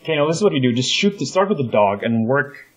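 A man's voice: medium pitch, fast talker, poor audio. A man chatting while playing a shooter game, calling the moves and swearing at his mistakes. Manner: swearing, excitable outbursts, directing the play. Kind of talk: casual gaming chat.

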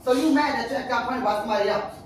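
A woman's voice: a little high, very fast, heavy reverb, far from the mic, a little hiss or hum. A woman arguing with her boyfriend, blunt and scolding with heavy cursing. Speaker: girlfriend in prank video. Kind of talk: heated couple argument.

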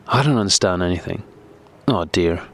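A man putting on a young society wife who brushes things off with airy, cool mockery, her voice lifting a little above a low narrator's register, read like a storybook. the delivery stays light and teasing. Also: expressive, normal speed, a bit bright, heavily acted. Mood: mocking.

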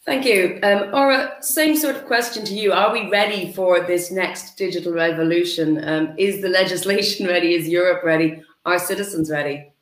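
Brisk moderator, echoey room. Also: medium pitch, a bit bright. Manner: brisk, questioning. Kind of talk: panel moderation.

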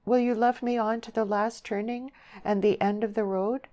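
A woman's voice: on the high side, fairly even intonation, moderate pace, dark tone, lo-fi sound, pitched above the performer's own voice, close to an everyday voice. A woman voicing an earnest young countrywoman who speaks in rustic dialect, pleading and proud.

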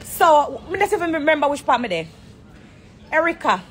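Faint music plays behind a dancehall artist with a Jamaican accent as she rants heatedly into her phone on a live stream from an airport corner. She speaks at normal speed in a high-pitched, very animated, slightly bright voice, blunt, confrontational and profane.

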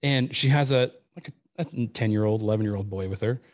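A man from the United States, a guest chef, telling a story in a lively casual way and repeating words as he goes. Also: fairly low pitch, brisk, dry recording.

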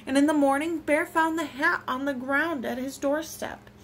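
A woman reading picture books aloud for a children's storytime, expressive and lilting. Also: high voice, moderate pace, slight background noise. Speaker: storytime reader.

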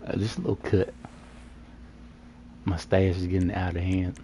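A man's voice: deep voice, level tone, moderate pace, background noise. A man live-streaming a roleplay, trading flirty, joking banter and putting on a street accent now and then. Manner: slips into a put-on street accent.

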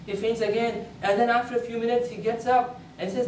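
A man's voice: very high-pitched, flat delivery, brisk, a little mellow, slight background noise. A man giving a Friday sermon as a story, in an earnest tone, repeating phrases and lifting his voice for quoted words. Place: mosque prayer hall. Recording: echoey hall, voice from a distance.

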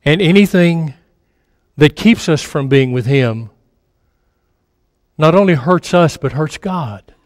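Male preacher, high voice, conversational sermon, repeats lines, long hall reverb. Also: lively intonation, slow, long pauses, studio quality. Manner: conversational, repeats phrases for emphasis, drops to a near-murmur. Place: church sanctuary.

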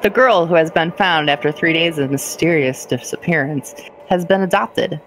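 A woman's voice: low voice, moderate pace, slight background noise, poor audio. A woman chatting on a gaming stream, reading in-game text aloud and adding chatty asides. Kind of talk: casual gaming chat.

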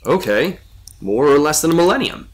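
A man's voice: on the high side, big pitch swings, moderate pace, voice pushed up. A man playing a young explorer lost in a cave, sarcastic and questioning.

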